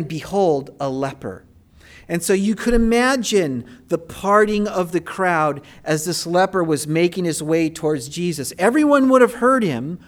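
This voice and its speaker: A male pastor delivers a sermon in a relaxed, storytelling way, with fillers and rising bursts of emphasis. His voice sits somewhat high for a man.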